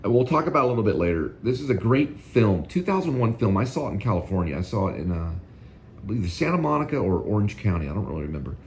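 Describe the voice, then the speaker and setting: A man's voice: on the low side, sing-song, quick pace, a little mellow, slight background noise. A male host giving casual, rambling film commentary that often repeats itself.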